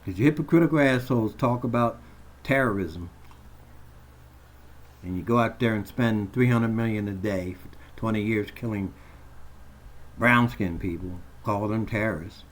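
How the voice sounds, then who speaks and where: Angry low-voiced man ranting. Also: normal speed, long pauses. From Colorado. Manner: profane, heated, confrontational. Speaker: vlogger. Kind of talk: angry rant to camera. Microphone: phone camera.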